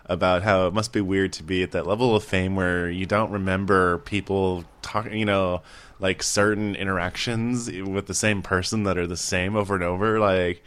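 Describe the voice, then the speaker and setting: A man hosting a show and chatting casually, talking in halting, rambling sentences and laughing often. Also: low voice, level tone, a bit bright. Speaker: radio show host. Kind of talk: casual chat.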